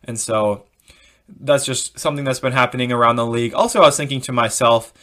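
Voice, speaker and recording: A man's voice: mid-range voice, steady tone, brisk, sharp tone. A man hosting a casual sports podcast, giving opinionated commentary that rambles and restarts itself. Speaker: podcast host.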